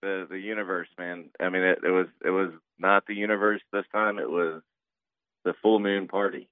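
A man's voice: deep voice, little pitch movement, normal speed, clean tone, no room sound. A man co-hosting a casual podcast, joking and rambling. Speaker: podcast co-host. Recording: tinny phone-like line.

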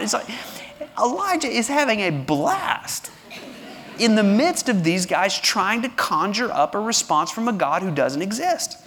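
A man preaching a sermon as pastor, with a dry, sarcastic humor, swinging between hushed moments and loud, passionate delivery. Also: high-pitched, very animated, unhurried, slight background noise. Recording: long reverb of a large hall.

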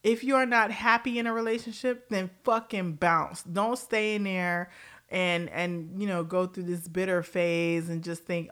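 A woman's voice: fairly low pitch, fairly even intonation, measured pace, fairly bright tone. A woman hosting a casual pop-culture commentary show, blunt and profane, laughing often and jumping between tangents.

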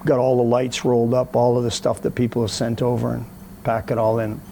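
A man with a gravelly, mellow voice tells a story in a casual interview, faint background noise behind him. He is animated and mimics the people he quotes. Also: medium pitch, brisk. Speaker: guest telling a story.

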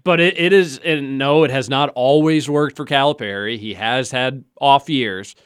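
A man in casual sports talk, opinionated and animated, jumping in with quick rebuttals. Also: mid-range voice, clean tone, dry recording, clean studio sound.

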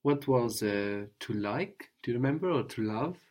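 A man's voice: medium pitch, lively intonation, normal speed, a little mellow. A man teaching a language lesson patiently, often checking in with a questioning "no?".

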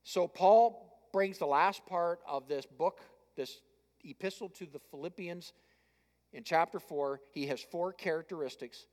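A male pastor preaching with a high voice, his words carrying through a large church hall with long reverb. He talks conversationally, asks the congregation direct questions and admits his own weak spots. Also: a little mellow. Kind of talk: sermon.

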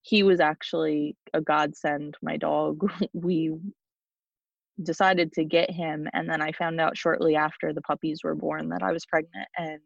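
A young woman, a podcast guest, telling a personal story in a halting way with frequent restarts. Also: sits low, little pitch movement, creaky, no echo. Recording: dull lo-fi dry sound.

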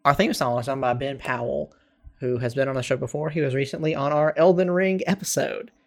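A man's voice: medium pitch, steady tone, fairly quick, gravelly. Laid-back man teasing his co-host. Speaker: podcast co-host. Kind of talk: casual chat.

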